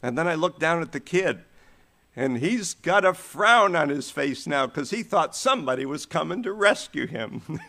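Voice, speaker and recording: A man's voice: fairly high pitch, animated, normal speed, bright, forceful tone. Man preaching a storytelling sermon. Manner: storytelling with shifts in volume and pace.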